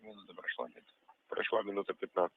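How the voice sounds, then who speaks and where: A man's voice: on the low side, steady tone, creaky, husky. A man giving terse, clipped procedure calls on a spaceflight radio link. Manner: brisk, clipped. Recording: phone-like radio link with faint noise.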